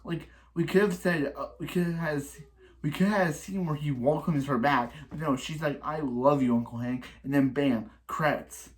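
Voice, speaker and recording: A man's voice: on the high side, normal speed. Rambling man recapping an episode. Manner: rambling with many restarts and repeated phrases; exasperated complaining. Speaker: reaction video host.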